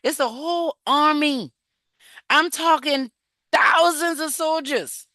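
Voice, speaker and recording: A woman coaching a support group, retelling scripture in an animated, encouraging, conversational way. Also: sits high, slow, dry recording. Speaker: emotional wellness coach leading a support group. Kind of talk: faith-based coaching talk retelling scripture.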